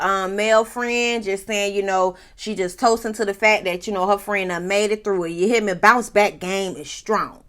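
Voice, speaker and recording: A woman giving a sassy, animated, casual recap of a reality show, laughing often and talking straight to her viewers. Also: medium pitch.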